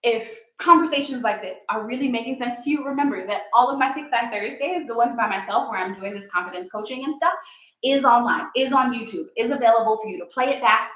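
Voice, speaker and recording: A woman's voice: on the high side, brisk, fairly bright tone, echoey room. A woman yoga teacher and confidence coach giving a casual motivational talk, chatty and encouraging with plenty of fillers.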